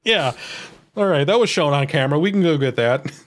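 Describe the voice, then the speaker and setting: A man co-hosting a podcast, chatting casually about a film and laughing often. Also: fairly quick. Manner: laughs often, lively swings in pitch. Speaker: podcast co-host. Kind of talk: casual movie-discussion chat.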